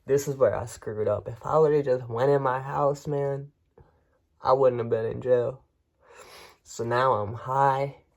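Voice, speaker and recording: Man, gravelly voice, casual first-person storytelling, frank, rambling. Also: medium pitch, fairly even intonation, unhurried. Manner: frank, rambling, with frequent restarts. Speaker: vlogger.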